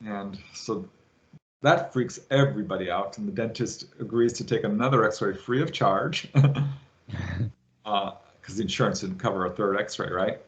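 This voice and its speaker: Lowish man animatedly retelling an encounter. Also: unhurried, lo-fi sound. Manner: animated retelling, acts out quoted voices. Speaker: guest, UFO researcher. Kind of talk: storytelling interview.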